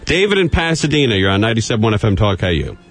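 A man hosting a call-in radio talk show, brisk and dry, teasing his callers. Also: lowish voice, very animated, fairly bright tone. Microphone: studio microphone.

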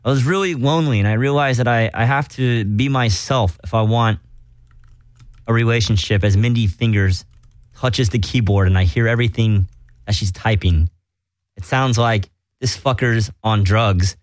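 A man hosts a casual comedic podcast from a small studio, rambling and poking fun at himself in the style of a relaxed radio chat. His voice sits in the middle range, moves at a moderate pace and has no echo.

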